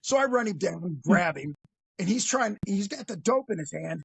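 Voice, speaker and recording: A man's voice: high-pitched, animated, moderate pace, gravelly, a little hiss or hum. A man telling a crime story in a casual, blunt, profane way.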